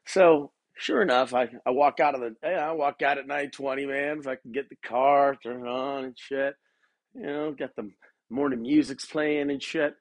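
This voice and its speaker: A man's voice: mid-range voice, steady tone, moderate pace, no room sound. Young man, casual rambling talk, lots of swearing, dry close sound, pacing in his bedroom. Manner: laid-back, rambling, swears a lot, says man and dude; pacing while talking. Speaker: podcast host. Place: bedroom at home.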